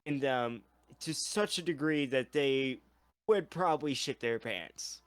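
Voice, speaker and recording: A man co-hosting a casual chat about a roleplay story. He talks in a measured way, with slightly formal wording. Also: mid-range voice, a bit bright, clear, resonant tone, no echo. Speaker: co-host.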